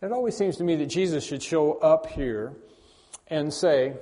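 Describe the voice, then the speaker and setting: Mellow-voiced preacher in an echoing hall. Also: male voice, a little high, normal speed. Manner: emphatic, repeats key phrases, swings from loud to hushed. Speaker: pastor. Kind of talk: sermon. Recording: long reverb of a large hall.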